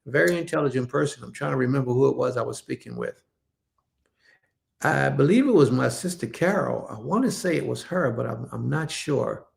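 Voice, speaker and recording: A congregation leader preaches casually during a live-streamed online religious service, his mid-range voice a little fast and creaky. He repeats himself for emphasis and calls his listeners family.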